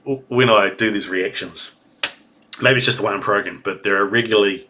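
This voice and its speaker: A man's voice: on the low side, steady tone, a little fast, bright, forceful tone. A man with a New Zealand accent hosting a reaction video, chatting in a rambling, reminiscing way with fillers. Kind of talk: casual reaction commentary.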